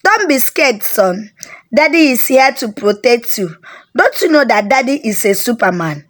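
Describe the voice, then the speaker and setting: Woman voicing a sly coaxing dad, Nigerian accent, storybook reading, fairly high voice. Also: big pitch swings, normal speed, a bit bright. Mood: reassuring. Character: scheming Nigerian father, smooth and cunning.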